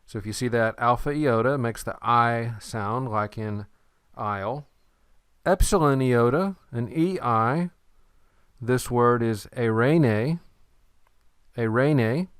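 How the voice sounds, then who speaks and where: Male language teacher, patient and unhurried, smooth clear voice, close dry recording. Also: medium pitch, fairly bright tone, no room sound. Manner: slow, patient, repeats words for the learner. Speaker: Greek teacher.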